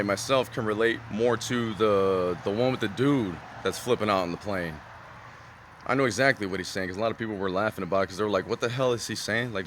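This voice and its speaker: A man's voice: on the low side, fairly bright tone, slight background noise. A man vlogging in a casual, rambling way, full of fillers and "right?" tags, earnest and reflective.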